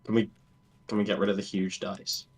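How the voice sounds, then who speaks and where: A man's voice: on the low side, little pitch movement, fairly quick. A male player on a voice call, joking about himself in a dry way. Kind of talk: casual chat on a voice call.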